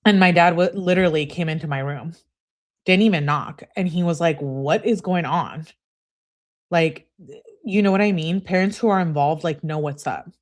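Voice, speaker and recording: A woman's voice: on the low side, fairly quick. A woman giving casual, chatty true crime commentary, speaking freely with lots of "like" and blunt reactions. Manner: chatty, peppered with "like", outspoken reactions. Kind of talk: casual commentary reading text messages aloud.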